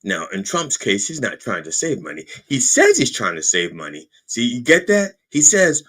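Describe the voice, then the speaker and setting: A man hosting a podcast, delivering an animated, profane comedic political rant with frequent stammered restarts. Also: mid-range voice, normal speed, hardly any pauses. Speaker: podcast host.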